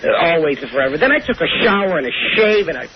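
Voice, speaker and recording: A man's voice: a little high, very animated, very fast, lo-fi sound, background noise. A man calling into a radio show, campy and theatrical, boasting and joking. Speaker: caller. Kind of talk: radio phone-in banter.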